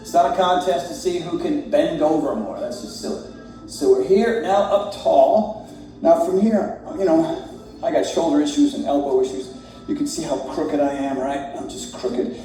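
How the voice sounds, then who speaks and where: A man's fairly high, mellow voice talks a class through yoga poses, easygoing and joking as he moves. He sounds far from the camera in a very echoey room. Soft music plays faintly underneath. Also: moderate pace. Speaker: yoga instructor.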